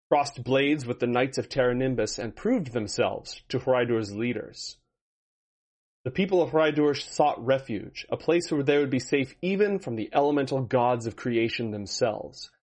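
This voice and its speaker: A man's voice: mid-range voice, a little mellow. A man narrating a fantasy campaign recap as the dungeon master, with a dramatic storytelling cadence. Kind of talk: narrating a tabletop game recap.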